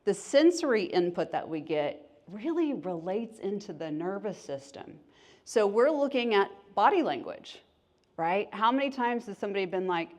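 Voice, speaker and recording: A woman's voice: mid-range voice, sing-song, moderate pace, darkish tone. A woman, a therapist and life coach, giving an educational talk, asking the audience questions and acting out little voices.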